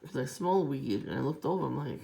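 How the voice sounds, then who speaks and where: A woman's voice: a bass voice, lively intonation, fast talker, vocal fry, mellow. A woman vlogger telling a long, aggrieved story in a rambling, profane, casual monologue.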